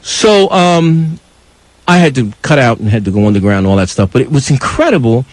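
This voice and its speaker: An older man from New York telling a passionate personal story as a live radio call-in co-host, with a husky voice and wide emotional swings. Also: mid-range voice, animated, brisk, no room sound, low-quality recording. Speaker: radio talk show co-host.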